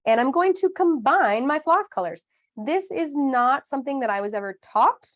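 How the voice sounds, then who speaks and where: A woman's voice: high-pitched, expressive, normal speed. A woman in her thirties teaching a live online craft class, chatty and upbeat with playful asides.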